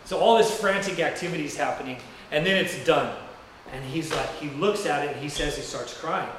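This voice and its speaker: Heard from afar in a very echoey church sanctuary with background noise, a pastor preaches briskly in a fairly high voice. He tells his story loosely and conversationally, rambling as he goes.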